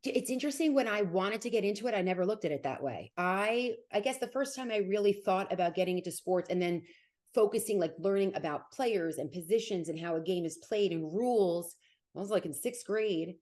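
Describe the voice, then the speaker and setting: A woman in her forties with a New Jersey accent, a sports broadcaster talking quickly and animatedly as an interview guest. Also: mid-range voice, darkish tone. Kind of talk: casual interview.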